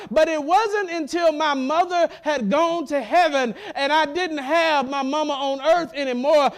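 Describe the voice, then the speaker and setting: A middle-aged man, preaching a sermon with emphatic repetition. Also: very high-pitched. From central Mississippi. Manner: emphatic preaching, repeats words, warm laughs. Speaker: pastor.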